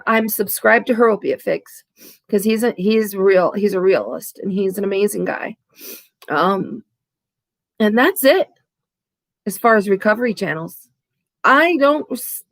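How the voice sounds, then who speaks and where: A woman vlogger speaking candidly and haltingly about her own recovery, with frequent restarts. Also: a little high, creaky, no room sound. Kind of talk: candid, emotional to-camera talk.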